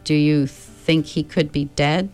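A woman reading a story aloud, voicing a kind teenage boy who speaks gently and reassuringly. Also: fairly low pitch, sing-song, normal speed, faint music behind. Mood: gentle.

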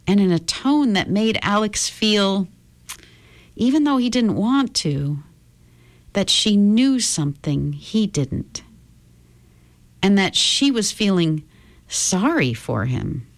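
A woman reading a children's story aloud with expressive intonation. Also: medium pitch, slow pace, long pauses.

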